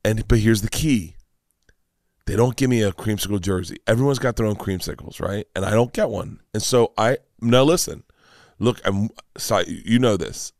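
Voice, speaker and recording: Animated storytelling man with dry sound. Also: lowish voice, normal speed, no room sound. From Florida, United States. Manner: animated, rambling, emotional storytelling with many restarts. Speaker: comedian guest. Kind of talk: casual podcast storytelling.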